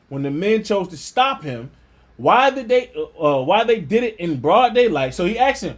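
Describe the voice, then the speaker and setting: Animated high-voiced male preacher. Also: moderate pace. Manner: animated, scornful asides with laughter. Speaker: religious teacher. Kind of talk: reading an article aloud with religious commentary.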